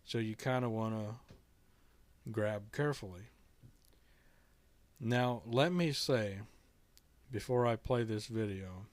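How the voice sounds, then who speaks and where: A middle-aged man tells a story to camera at an unhurried, drawn-out pace. His fairly low voice is gentle and earnest, stopping and restarting sentences. The sound is dry and close. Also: dry recording. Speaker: vlogger telling a kitten rescue story.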